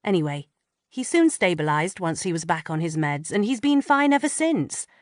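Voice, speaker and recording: A woman reading a first-person audiobook in an expressive, measured way on a close studio mic. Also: fairly low pitch, dry recording. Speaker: audiobook narrator.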